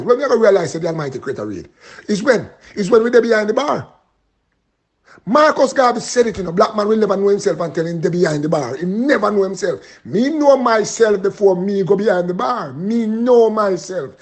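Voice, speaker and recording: A Jamaican man giving a pleading, repetitive, preacher-style live appeal and prayer. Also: sits high. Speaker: street preacher and vlogger.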